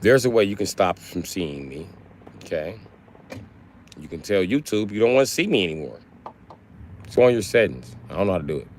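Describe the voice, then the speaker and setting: A man's voice: sing-song, brisk, pauses often, slight background noise. A man in his late thirties on a casual livestream, reading chat aloud and roasting viewers with profanity. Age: late 30s. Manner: trash-talking, mocking chat users with shouted high bits.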